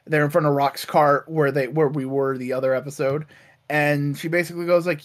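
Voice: mid-range voice, a little fast. A podcast co-host casually recapping an episode, acting out quotes with profanity. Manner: animated storytelling, acts out quotes, profane.

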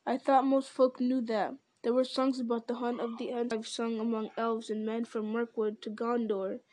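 Treebeard, an ancient slow tree-giant, read by a woman. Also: on the high side, level tone, a little mellow, no echo, natural voice. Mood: solemn. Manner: slow, solemn, deliberate.

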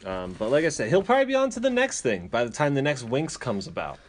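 A man co-hosting a casual chat, who talks in a wry, teasing way and reacts with lively interjections. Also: medium pitch, fast talker. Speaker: podcast co-host.

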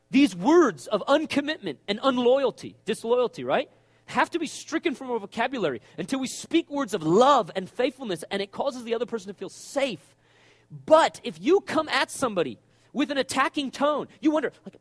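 A man's voice: sits high, big pitch swings, fast, no echo. A middle-aged man, a pastor, preaching an emphatic sermon and acting out quoted voices.

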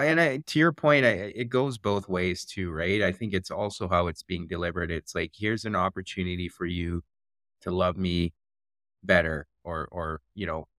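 A man hosting a podcast, talking in a calm, agreeable way with frequent affirmations. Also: low-pitched, dry recording, clean studio sound. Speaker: podcast host. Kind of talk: podcast conversation.

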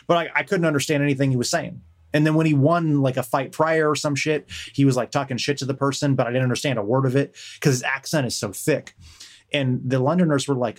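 A man's voice: medium pitch, fast talker. Rambling, casually swearing man chatting. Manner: rambling, meandering storyteller who swears casually. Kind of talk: casual chat.

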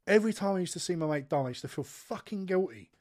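A man's voice: high-pitched, fast. A man co-hosting a podcast, telling a long, sweary personal story in casual chat. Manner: sweary, animated anecdote-telling. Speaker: podcast co-host.

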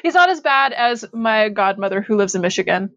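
A woman's voice: mid-range voice, animated, a little fast, fairly bright tone, no echo. A woman from Canada, chatting and teasing on a podcast, laughing often. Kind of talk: casual chat. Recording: muffled dry lo-fi audio.

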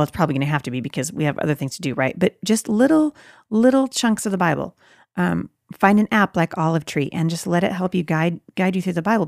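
A woman's voice: medium pitch, creaky, darkish tone, dry recording, studio quality. A middle-aged woman giving an earnest Christian parenting talk, conversational and emphatic, with rhetorical asides. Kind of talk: earnest faith-based teaching talk.

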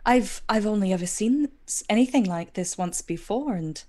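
Lively hesitant woman player. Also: mid-range voice, moderate pace. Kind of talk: playing a tabletop game.

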